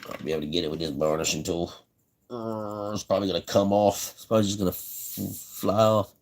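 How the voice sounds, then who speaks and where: A man's voice: low voice, steady tone, fairly quick, slight background noise. A man from South Carolina with a Southern accent, hosting a casual live stream while building a fishing rod, laid-back and repeating himself as he talks. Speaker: livestream host building fishing rods.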